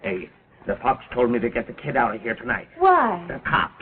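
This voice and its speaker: An actor playing a curt gangster henchman in an early talkie, with a gravelly voice. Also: medium pitch, wildly swooping pitch, a little fast. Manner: curt, reassuring in a rough way. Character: gruff male gangster henchman taking a child. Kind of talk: early talkie film acting. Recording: tinny scratchy 1920s film soundtrack with crowd noise.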